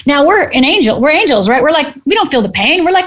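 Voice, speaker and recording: A woman's voice: high-pitched, fast, hardly any pauses. A woman, a podcast guest, telling her personal story candidly and animatedly, acting out the voices of other people in it. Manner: animated, acts out dialogue in quoted voices.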